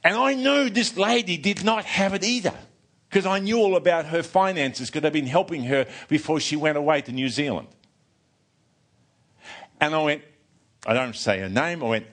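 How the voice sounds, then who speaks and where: An older man preaching a sermon, telling a personal story in an animated way, often restarting and repeating words. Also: a little high, normal speed, pauses often.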